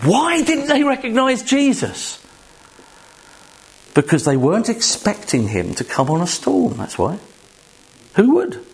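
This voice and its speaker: Slow, lively-pitched male preacher. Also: husky. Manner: animated, emphatic preaching with rhetorical questions; jokes directly with the congregation. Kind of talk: sermon.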